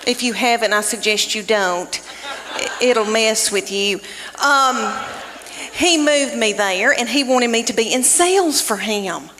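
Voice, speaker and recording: A middle-aged woman with a Southern US accent, telling stories in a folksy, drawn-out way during a stand-up comedy set. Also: fairly high pitch, expressive. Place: live comedy venue stage. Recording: live reverberant hall with noise.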